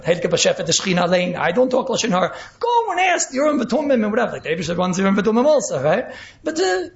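Animated man teaching in an echoey room. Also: sits high, gravelly. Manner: animated, mixes Yiddish and Hebrew terms, repeats key phrases. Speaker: Torah teacher. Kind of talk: Torah class lecture. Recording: echoey room, dull lo-fi sound.

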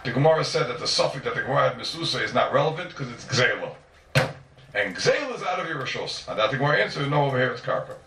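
Animated man teaching in an echoey room. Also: medium pitch, fast talker, background noise. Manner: repeats and restates points emphatically; asks rhetorical questions and answers them. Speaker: Talmud teacher. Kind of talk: Talmud class lecture. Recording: echoey room, mic at a distance.

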